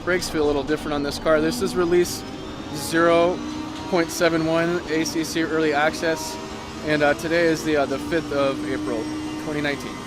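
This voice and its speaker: A middle-aged man giving casual, excitable commentary as he drives a racing simulator, talking in bursts with lots of fillers. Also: a little high, fairly quick, music in the background. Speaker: sim racing YouTuber. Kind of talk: casual commentary while driving.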